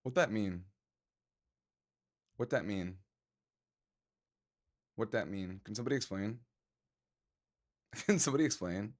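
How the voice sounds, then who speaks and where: A man's voice: lowish voice, animated, a little slow, long pauses. A man live-streaming and chatting casually with his viewers, joking around and laughing often.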